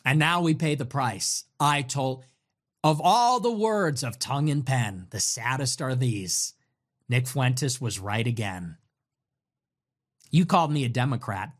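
Animated yet measured in pace, this livestream host rants with sarcasm, mockery, and taunts. He alternates loud, high bursts with low, grumbling mutters.

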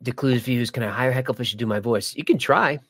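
A man's voice: medium pitch, brisk, fairly bright tone, no echo. Man, livestream host, casual rambling chat, dry close sound. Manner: rambling, jokey, many restarts. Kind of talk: casual live chat reading comments.

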